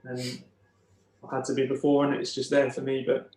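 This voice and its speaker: Soft-spoken man, echoey room. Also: medium pitch, completely flat delivery. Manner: halting, emotional retelling with many restarts. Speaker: podcast guest. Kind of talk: personal storytelling.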